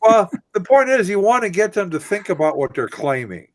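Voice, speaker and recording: A man's voice: high-pitched, big pitch swings, brisk, no room sound. A man co-hosting a casual radio discussion, explaining in long, winding, earnest sentences. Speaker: co-host.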